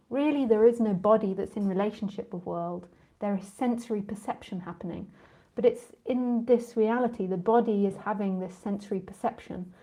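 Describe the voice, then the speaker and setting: A woman's voice: medium pitch, dark tone. A woman spiritual teacher in a casual live talk with listeners, rambling and chatty, often laughing and drifting off on tangents.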